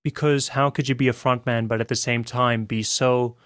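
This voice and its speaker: A young South African man, a band frontman, chatting on a podcast in a calm, very relaxed way. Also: mid-range voice, moderate pace, no room sound, studio quality. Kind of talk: casual podcast chat.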